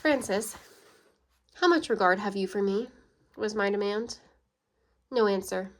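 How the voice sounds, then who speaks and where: A woman reading a classic novel aloud in an even, measured way, giving the quoted lines only a light touch of voice. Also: mid-range voice. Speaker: audiobook reader.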